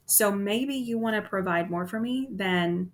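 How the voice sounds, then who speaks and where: A woman's voice: mid-range voice, measured pace. A woman teacher giving a casual literature lecture, with frequent "um"s and "okay?" check-ins to the class.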